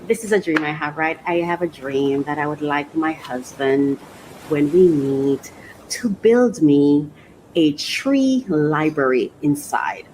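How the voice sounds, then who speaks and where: A woman hosting a faith podcast, talking casually and emotionally, laughing often and slowing down when she reads aloud. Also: sits low, a little hiss or hum, rough recording. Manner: emotional and expressive, laughs often, restarts sentences; slows down when reading aloud. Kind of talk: casual reflective monologue.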